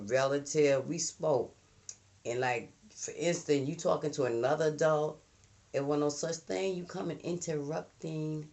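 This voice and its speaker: A woman's voice: sits low, a little mellow. A middle-aged woman, telling emphatic old-school stories in a casual monologue and mimicking the people she quotes.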